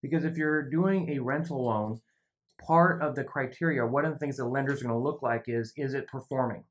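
A man's voice: medium pitch, a little fast, a little hiss or hum. A man co-hosting a casual discussion, adding short agreements and plain, matter-of-fact explanations. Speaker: real estate co-host.

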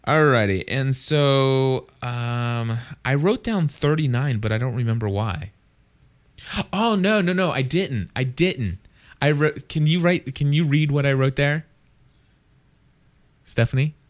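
A man's voice: medium pitch, a little slow. A man hosting a podcast, chatting casually and rambling with many restarts and fillers. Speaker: podcast host. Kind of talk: casual chat.

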